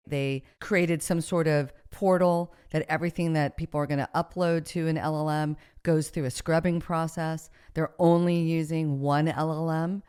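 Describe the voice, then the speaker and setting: A woman's voice: deep voice, darkish tone, clean tone. A woman hosting an interview podcast, talking conversationally and affirming her guest often. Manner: conversational, frequent affirming backchannels. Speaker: podcast host.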